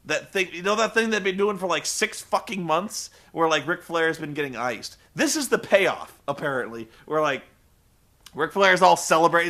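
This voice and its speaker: A man's voice: on the high side, normal speed. A man recapping a show in a sarcastic, profane comedic style, acting out the people in it. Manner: sarcastic, swearing, animated storytelling.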